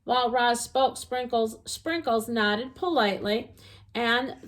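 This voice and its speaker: A woman narrating a children's storybook aloud in an expressive, gentle reading voice. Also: on the high side, takes it slowly.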